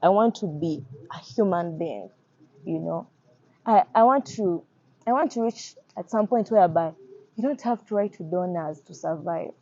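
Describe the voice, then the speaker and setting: A young Ugandan woman, an activist, gives an earnest personal testimony in a fairly low, darkish voice at a moderate pace. She often repeats her phrases and acts out the voices of people she quotes. The audio is slightly muffled.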